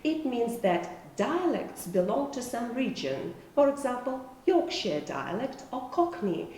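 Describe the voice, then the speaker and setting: Woman lecturer, Russian native speaker, slow and halting, lively rising and falling pitch, voice far from the mic in a very echoey room with faint noise. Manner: slow, careful explaining with frequent hesitations. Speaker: university lecturer. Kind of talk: video lecture.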